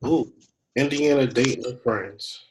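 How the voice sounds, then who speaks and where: A man of medium pitch walks through a training session over a screen share, chatting casually and thinking aloud as he clicks. Faint noise and mouse clicks sit under his voice on a computer microphone. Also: measured pace. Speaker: travel agent giving a training.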